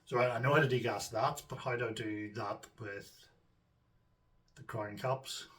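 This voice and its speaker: A man's voice: medium pitch, fairly even intonation, normal speed, fairly bright tone, far from the mic. A man with a Northern Irish accent hosting his own homebrewing channel, chatting casually to viewers with lots of ums and asides. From Northern Ireland. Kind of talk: casual chat to camera.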